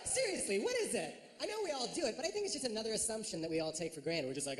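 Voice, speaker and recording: A man performing a stand-up routine on a theater stage, lively and jumping into high silly voices. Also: racing, hardly any pauses. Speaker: stand-up comedian. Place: large ornate theater stage. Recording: reverberant theater with audience noise.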